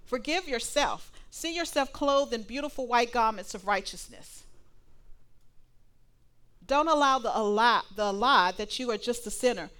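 A woman preaching a sermon to a live congregation, animated and playful, acting out little dialogues. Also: fairly high pitch, a little slow, clear, resonant tone. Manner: animated, laughing asides, acts out dialogue.

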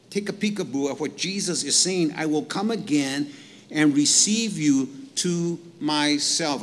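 A man preaching a sermon as pastor, animated and direct, reading scripture slowly and checking in with the congregation. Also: on the high side, big-room sound, slight background noise. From Mexican heritage. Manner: animated preaching, reads scripture slowly, asks "right?" to the crowd.

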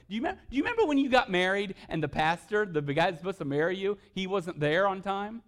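Pastor guy mid-sermon, kinda high voice, goes from quiet and earnest to loud and jokey. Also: fast, hardly any pauses. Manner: animated preaching with humorous stories, swings between hushed and loud.

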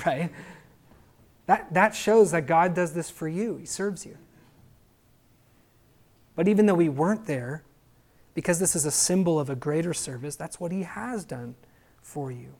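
A man preaching a sermon, putting stress on his words, slowing on key phrases and putting questions to his listeners. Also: on the high side, a little mellow. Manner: emphatic, asks the listeners rhetorical questions.

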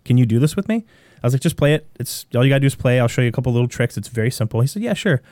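A man with a Midwestern American accent, a podcast guest telling a long story in a rambling, animated way with many restarts. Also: medium pitch, rapid-fire, dry recording. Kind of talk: casual storytelling.

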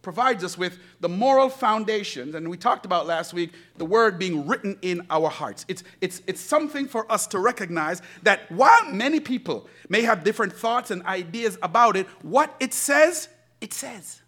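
A man preaching a sermon as pastor, swinging between soft, low asides and loud, emphatic lines, with laughing asides. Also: normal speed, few pauses. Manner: animated preaching, rising to shouts, laughing asides.

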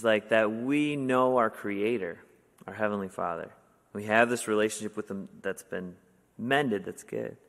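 A sermon comes from a young Wisconsin man with a lowish voice, delivered loosely and conversationally with plenty of filler words. His stories bring out a more animated side, all heard through the long reverb of a hall.

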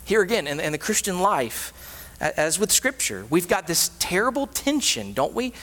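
A man preaching a sermon as a pastor, animated, with frequent rhetorical questions. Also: sits high, moderate pace. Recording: reverberant hall.

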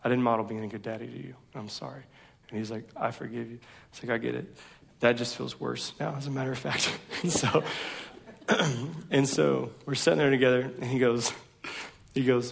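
A man's voice: medium pitch, steady tone, brisk, vocal fry. A man in his thirties preaching a sermon, telling self-deprecating stories in a casual, slangy way. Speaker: pastor.

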